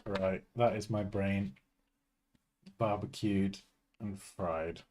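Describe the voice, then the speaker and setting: With a low, darkish voice, fairly even intonation, and a slow pace, a streamer and design tutor talks casually from his desk at home. He jokes throughout, laughs often, and makes fun of himself.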